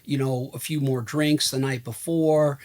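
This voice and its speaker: A man appearing as a physician guest, explaining things in a measured way with occasional fillers. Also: medium pitch, fairly even intonation, a little mellow. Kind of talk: explanatory interview answers.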